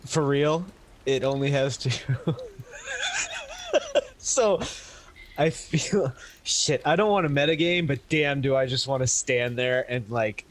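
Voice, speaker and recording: A man's voice: medium pitch, takes it slowly, pauses often, a little hiss or hum. A man playing a tabletop game, joking and describing his character's moves. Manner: playful, laughs often, narrates his character. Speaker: player. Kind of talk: casual tabletop play.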